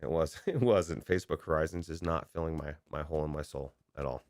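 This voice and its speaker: A man's voice: extremely low pitch, fairly even intonation, brisk, darkish tone, dry recording, clean studio sound. A man co-hosting a podcast, talking in a rambling, hesitant way with many fillers and restarts. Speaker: podcast co-host. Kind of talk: casual chat.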